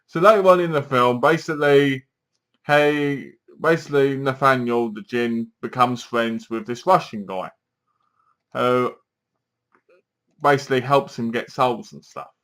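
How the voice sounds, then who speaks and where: Man, middle pitch, casual film reviewer who rambles and acts out scenes. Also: unhurried, fairly bright tone. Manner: rambling, acts out the characters' lines.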